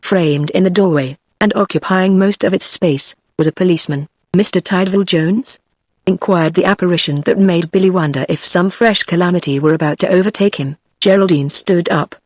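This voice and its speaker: A text-to-speech woman's voice with a British English accent, reading a novel aloud in even, machine-paced narration. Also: on the low side, brisk, few pauses, no room sound, clean studio sound. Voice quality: even, machine-read delivery. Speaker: audiobook narrator. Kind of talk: synthetic audiobook narration.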